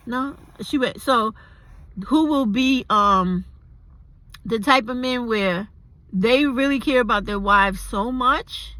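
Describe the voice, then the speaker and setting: An older woman speaking straight to camera in a bright, forceful voice, recorded dry and close. She talks bluntly and swears freely, wandering off on tangents before pulling back to her point. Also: mid-range voice, dry recording. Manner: blunt, profane and rambling, with digressions. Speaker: vlogger. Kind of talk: casual commentary to camera.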